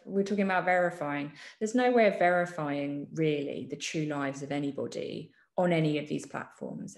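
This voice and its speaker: A woman journalist talks through her views in a relaxed interview, her voice low with a gravelly texture. She pauses often with ums and restarts her sentences as she thinks. The sound carries a roomy echo. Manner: thoughtful, many ums and restarts. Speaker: journalist guest. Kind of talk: reflective conversational interview.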